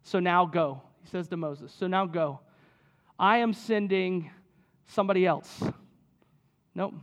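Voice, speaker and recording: A man preaching a sermon in a conversational way, often checking in with "right?" as he reads and explains scripture. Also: high-pitched. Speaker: pastor.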